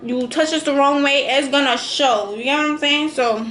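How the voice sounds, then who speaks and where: A young adult woman vlogger, telling a storytime with animated, slangy quotes. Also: high-pitched, normal speed, roomy sound, a little hiss or hum. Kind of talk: storytime vlog.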